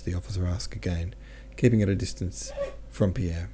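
A man narrating a classic novel as an audiobook reader, in a measured, steady manner. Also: low voice, a little hiss or hum.

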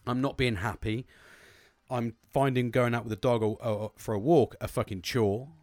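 A man's voice: medium pitch, fairly even intonation, moderate pace, a little mellow, no room sound, faint music behind. A man in his forties talking candidly and at length, sweary and rambling as he opens up. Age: 40s. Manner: sweary, rambling, emotional openness. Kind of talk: candid casual monologue.

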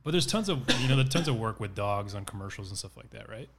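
A man hosting a casual chat, asking quick questions and joking around. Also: fairly low pitch, expressive, gravelly, very noisy.

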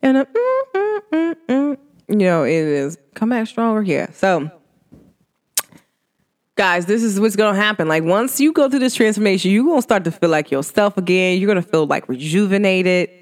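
Chatty energy reader, casual spoken reading, mid-pitched voice, very lively intonation, hums between thoughts. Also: normal speed. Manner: chatty and animated, addresses listeners directly; swoops high with laughter.

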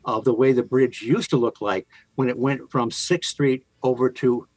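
Husky-voiced man telling chatty stories. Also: medium pitch, moderate pace, dry recording, low-quality recording. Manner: chatty, lots of fillers and restarts, playful deadpan jokes. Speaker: museum tour guide. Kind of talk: enthusiastic interview storytelling.

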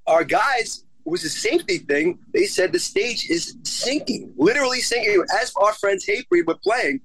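A man's voice: high voice, big pitch swings, moderate pace, creaky, a bit bright, dry recording, poor audio. A man, a touring musician giving an earnest, emphatic interview and repeating himself for emphasis. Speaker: guest musician. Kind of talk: remote interview.

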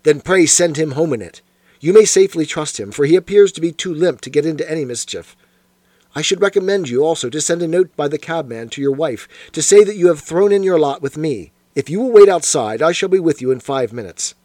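Man voicing a masterful detective, precise, commanding, animated delivery, dry close sound. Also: on the high side, brisk, dry recording, close to an everyday voice. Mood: quiet command. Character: sharp, masterful male detective in disguise. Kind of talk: audiobook character voice.

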